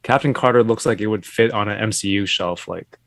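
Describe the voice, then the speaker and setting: A man's voice: lowish voice, brisk, gravelly, dry recording. A man in a casual chat, rambling and restarting his thoughts as he talks.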